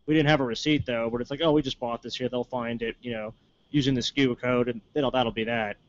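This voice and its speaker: Fast-talking man telling a story. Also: medium pitch, highs cut off, slight background noise. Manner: fast, animated anecdote telling. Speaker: podcast co-host. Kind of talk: casual storytelling chat.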